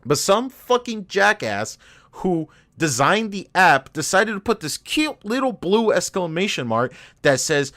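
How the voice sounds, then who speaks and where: A young man co-hosting a podcast, telling a long story in a casual, profane, animated way and getting worked up as he goes. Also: high voice, a little slow. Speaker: podcast co-host.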